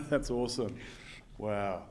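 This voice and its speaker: A man's voice: fairly low pitch, animated, slow pace. A man with an Australian accent, hosting a podcast interview and telling stories in a chatty way, often breaking into laughter. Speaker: podcast host. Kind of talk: casual interview chat.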